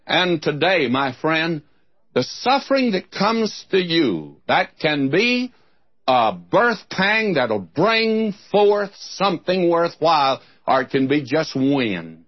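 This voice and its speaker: A man's voice: a little high, sing-song, slow pace, no echo, highs cut off. A man teaching a sermon on scripture in an earnest, direct way, speaking straight to his listeners. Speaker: Bible teacher. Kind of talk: radio Bible teaching sermon.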